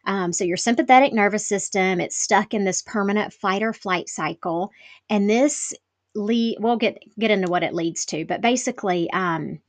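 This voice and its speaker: A woman's voice: mid-range voice, moderate pace, dry recording. A woman hosting her own podcast in a casual, candid solo talk, chatty and self-deprecating, with lots of "like" fillers. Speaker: podcast host.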